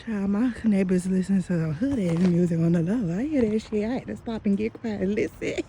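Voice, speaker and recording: A woman telling a story in casual, profane, animated talk while walking outdoors at night, speaking into a phone. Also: mid-range voice, a little fast, slight background noise. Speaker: vlogger. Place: outdoors on a dark street at night.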